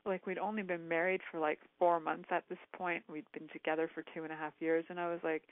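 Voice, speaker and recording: A woman's voice: fairly low pitch, steady tone, brisk, few pauses, no echo. Woman talk host, candid rambling storyteller, filler-heavy; phone-line sound, dry and close. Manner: frank, rambling, heavy use of "like" and "um".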